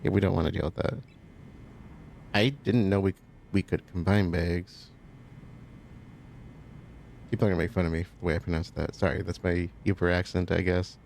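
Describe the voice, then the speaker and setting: A man's voice: sits low, moderate pace, creaky, long pauses, slight background noise. A man hosting a let's play, casually commenting on a game and thinking aloud as he plays. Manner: relaxed, thinking aloud, chatty asides.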